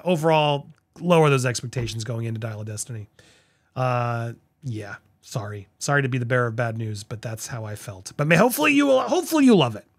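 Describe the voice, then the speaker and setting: A man's voice: a little high, no room sound, studio quality. A man giving a casual spoken film review, talking in a loose, rambling way with restarts and asides. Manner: animated, voices other people's reactions. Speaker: movie reviewer.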